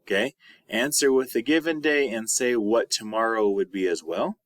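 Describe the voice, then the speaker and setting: A man teaching a recorded video lesson as a high school Spanish teacher, patient and repeating words slowly. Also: no echo.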